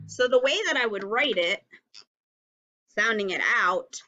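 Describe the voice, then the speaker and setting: Lady teacher doing a phonics lesson for little kids, super slow, sounds out every letter, bright voice. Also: a little high, animated, muffled recording, soft background music. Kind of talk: phonics lesson for young children.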